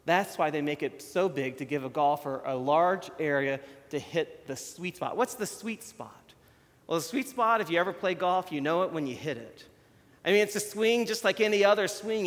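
A man delivers a conversational sermon, chatty and self-deprecating. His voice sits a little high. A long reverb from a large hall trails each phrase. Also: fairly bright tone. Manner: chatty, self-deprecating, shows props while talking.

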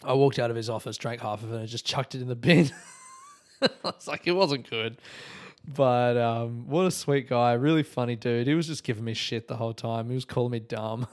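A man's voice: mid-range voice, fairly even intonation, brisk. An Australian man hosting a podcast, telling a story in a laid-back way, swearing freely and often laughing. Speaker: podcast host. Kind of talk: casual storytelling monologue.

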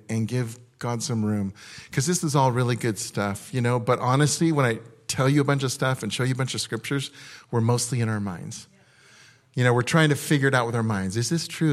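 A male pastor preaches a live sermon at a church service in a casual, conversational way. He drifts into quick asides and then returns to his point. His voice sits at an ordinary middle pitch for a man.

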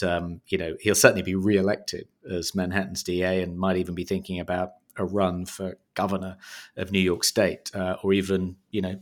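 Deep voiced guy on a podcast, lots of ums and you knows, kinda trails off. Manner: measured and hesitant, full of "um" and "you know", trailing off quietly. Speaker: podcast co-host. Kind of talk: casual political podcast chat.

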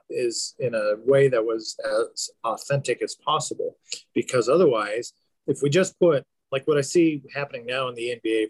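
A man who is a baseball team's general manager, answering interview questions in a relaxed, rambling way with many fillers and restarts. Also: mid-range voice, breathy edge, no echo.

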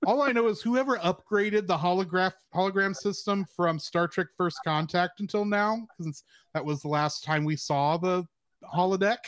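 Male co-host, high pitch, dry sound; steady recapping voice with dry humor. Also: moderate pace, no room sound. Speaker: podcast co-host. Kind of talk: casual chat, part read-out recap.

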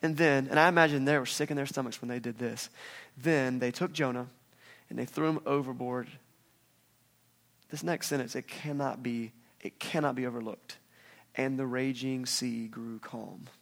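A man preaching a casual sermon, lively and animated, acting out the voices of the people in the story. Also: medium pitch, normal speed, vocal fry. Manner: animated, acts out quoted voices. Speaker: pastor.

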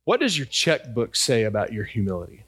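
A man's voice: on the low side, wildly swooping pitch, brisk, a bit bright, slightly rough. A middle-aged man preaching a sermon in a conversational way, asking his congregation questions. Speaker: pastor.

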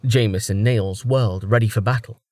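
A man narrating a fantasy audiobook in an even, measured storytelling manner. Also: lowish voice, dry recording.

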